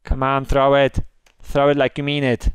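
Excitable male game host, smooth crisp voice, dry close sound, jumps between calm chat and high squeals. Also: moderate pace, no echo. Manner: jumpy, gasping and squealing when scared. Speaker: gaming video host. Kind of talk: excited let's-play commentary.

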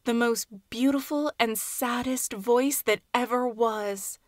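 A woman narrating a short story aloud in a soft, hushed, measured reading. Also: on the high side, no room sound, studio quality. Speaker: audiobook narrator. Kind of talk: scripted fiction narration.

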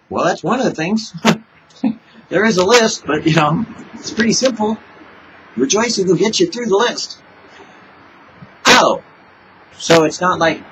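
A man's voice: sits high, very animated, unhurried, pauses often, noisy background. A man giving an informal devotional sermon, talking casually and acting out little back-and-forth exchanges with God. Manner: conversational, acts out little dialogues with God. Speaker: preacher.

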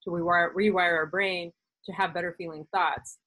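Female host, low-pitched, conversational and filler-heavy, in a dry booth-like sound. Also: steady tone, normal speed, fairly bright tone, no room sound, rough recording. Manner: chatty, lots of "like" fillers, explaining. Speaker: podcast host, doctor. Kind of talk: casual conversational interview.

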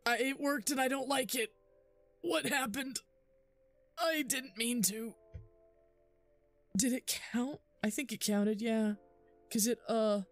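A woman's voice: on the high side, steady tone, takes it slowly, long pauses, faint music behind. A young woman streaming a game, chatting casually and giggling often while she thinks aloud with lots of fillers. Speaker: livestreamer. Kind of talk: casual live gameplay commentary.

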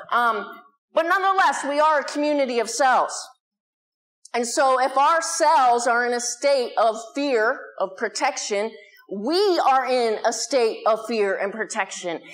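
An American woman leading a spiritual community, giving an earnest, conversational Sunday talk and putting questions to the people in the hall. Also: fairly high pitch. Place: community hall before a live audience.

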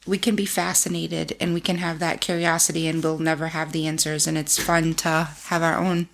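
A woman's voice: deep voice, little pitch movement, normal speed, vocal fry. A young woman co-hosting a podcast in casual chat, rambling with lots of "like". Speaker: podcast co-host.

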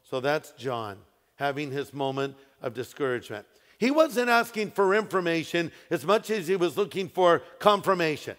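Long echoes fill the large hall as a pastor delivers his sermon, pushing into emphatic rises and slowing down to lean on important phrases. His voice is expressive, a bit bright, and sits somewhat above the typical male range.

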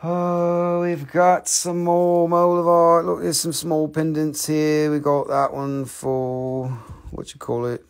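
A man's voice: a little high, little pitch movement, slow, smooth. A man hosting a live stream where he sells minerals, with joking, chatty patter that coaxes viewers to comment.

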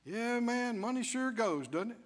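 High-voiced preaching man, lively. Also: moderate pace. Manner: animated preaching that swings from low asides to shouted declarations. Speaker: pastor. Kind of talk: sermon. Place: church sanctuary. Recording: long church reverb.

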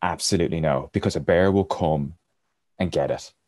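A man's voice: a bass voice, moderate pace, a little mellow, no echo, clean studio sound. A man, a podcast guest, telling a rambling travel anecdote in casual storytelling style and chuckling as he goes.

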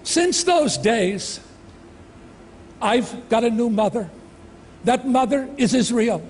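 A man in his sixties giving an emotional personal testimony in a slow, dramatic delivery with heavy pauses, speaking in a large outdoor amphitheatre. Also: very high-pitched, expressive, a little mellow, a little hiss or hum. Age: 60s. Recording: long reverb from a large venue, faint ambience.

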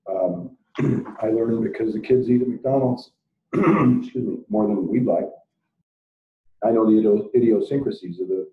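Guy on a salon webinar, lowish voice, relaxed and chatty, sounds like a phone line in an echoey room. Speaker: salon business co-presenter. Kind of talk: casual webinar discussion.

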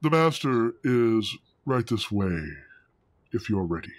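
A man's voice: medium pitch, animated, slow, dry recording, pitched below the performer's own voice. A man voicing a polite, formal male house servant. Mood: courteous. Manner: courteous, formal.

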